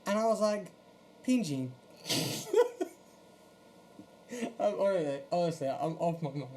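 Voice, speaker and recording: A man's voice: sits high, a little slow, dark tone. A man from Portugal co-hosting a podcast in casual chat, rambling, swearing a lot and laughing often. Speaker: podcast co-host.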